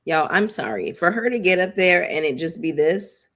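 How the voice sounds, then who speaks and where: A woman's voice: on the low side, expressive, normal speed, a bit bright. A woman giving casual live-stream commentary on a reality show, chatty and emphatic, addressing viewers directly.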